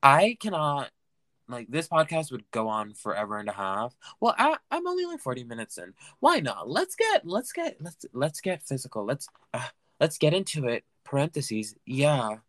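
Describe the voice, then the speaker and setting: A man hosting a solo recap podcast, talking in a campy, chatty way that swings between loud gushing and mumbled asides. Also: mid-range voice, big pitch swings, normal speed, no echo. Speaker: podcast host.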